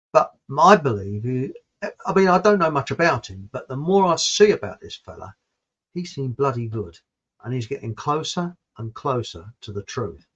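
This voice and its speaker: A man hosting his own channel, giving a blunt, digressive opinion monologue with frequent restarts and some mild swearing. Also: a little high. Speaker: channel host. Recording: dull lo-fi recording.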